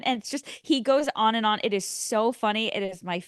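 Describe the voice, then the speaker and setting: A woman's voice: on the high side, brisk, clear, resonant tone, dry recording, studio quality. A woman co-hosting a film podcast, chatting casually and laughing often as she retells scenes. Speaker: podcast co-host. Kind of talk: casual chat.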